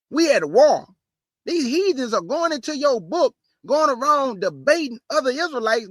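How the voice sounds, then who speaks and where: A man's voice: extremely high pitch, a bit bright, no room sound, studio quality. A man preaching a fiery sermon, speaking in a blunt, streetwise and combative way and reading scripture aloud with rising emphasis.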